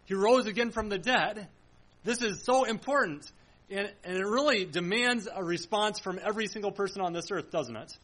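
Male pastor, high-pitched, earnest sermon delivery with searching rhetorical questions, church setting. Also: normal speed, a bit bright, poor audio. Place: church sanctuary.

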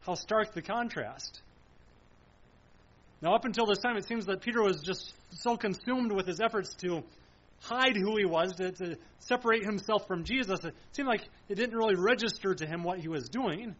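Male preacher with a high voice, solemn and emphatic, full of repetition and rhetorical questions; muffled lo-fi sound. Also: moderate pace, a bit bright. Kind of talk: sermon.

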